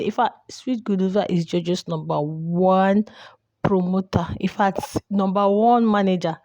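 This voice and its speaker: A woman's voice: mid-range voice, slow, a little mellow, no echo, highs cut off. A young woman commenting casually on a reality show, chatty and repeating herself with many fillers. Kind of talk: casual chat.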